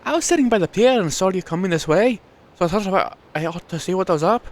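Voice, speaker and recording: A man's voice: sits high, animated, fast talker, pitched above the performer's own voice. A man voicing a tired but friendly village woman, in a put-on Welsh lilt and a chatty, inquisitive manner.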